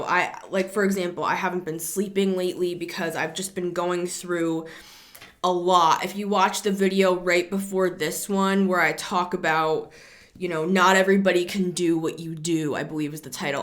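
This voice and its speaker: Rambling woman giving a tarot reading. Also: lowish voice. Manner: rambling, repeats words, builds to excited emphasis. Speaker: tarot reader. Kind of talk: casual tarot reading talk.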